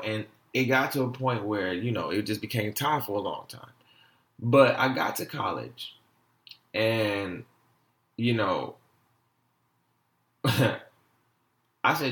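A young man hosting a casual solo podcast, telling a story with animated, exasperated swings up in pitch. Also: slow, long pauses, reverberant. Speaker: podcast host.

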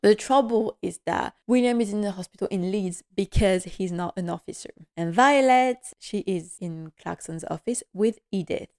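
A woman hosting a podcast, giving a casual episode recap in a quick, emotional, heartfelt way. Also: medium pitch, a little mellow. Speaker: podcast host.

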